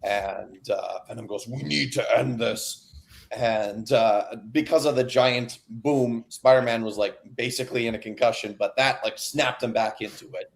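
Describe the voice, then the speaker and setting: A man's voice: mid-range voice, normal speed, few pauses. Rambling man recapping a comic. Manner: rambling, filler-heavy, acts out character lines. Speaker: podcast co-host. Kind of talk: casual comic book recap.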